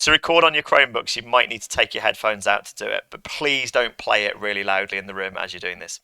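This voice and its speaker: A man's voice: on the low side, fast talker, creaky, few pauses, pushed and bright, clean tone, dry recording. A man teaching a coding lesson to pupils, chatty and playful as he talks through each step on a computer microphone. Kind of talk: screen-recorded coding lesson.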